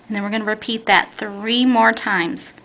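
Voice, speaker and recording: A beading instructor leads a step-by-step craft tutorial, talking plainly and patiently and correcting herself as she works with her hands. Her medium-pitched voice is steady, bright, and forceful at normal speed, though the audio is poor.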